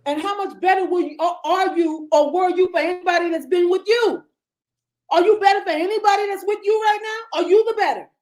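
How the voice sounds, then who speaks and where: A woman's voice: extremely high pitch, steady tone, brisk, a little mellow, rough recording. A woman delivering an impassioned, profane rant full of rhetorical questions. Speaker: commentator in a played clip.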